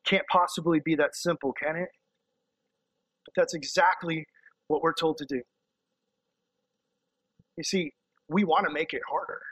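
Man, sermon, animated then hushed, bright tone, dry sound. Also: on the high side, a little slow, pauses often, breathy edge, dry recording, low-quality recording. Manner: animated, acts out quotes, drops to hushed intensity.

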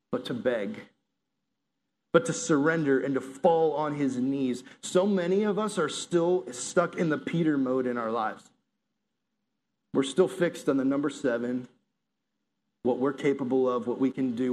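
A man's voice: on the high side, darkish tone. A man preaching a sermon to a congregation, earnest and building to intense emphasis.

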